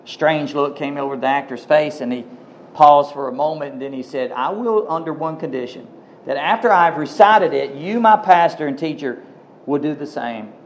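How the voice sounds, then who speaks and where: A man preaching in a slightly higher than usual voice, moving between quiet storytelling and rising, emphatic appeals to his congregation. A faint hiss sits under the recording. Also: normal speed. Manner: emphatic, swings from hushed storytelling to rising exhortation. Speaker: pastor. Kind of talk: sermon.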